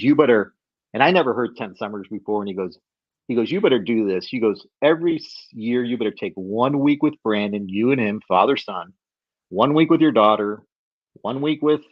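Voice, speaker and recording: A middle-aged man telling a story as a podcast guest, animated and acting out the voices of people he quotes. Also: fairly low pitch, normal speed, no room sound, dull audio.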